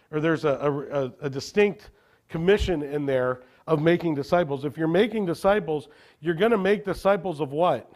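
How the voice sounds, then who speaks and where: High-voiced man preaching a sermon. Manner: asks the congregation questions and answers them. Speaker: pastor.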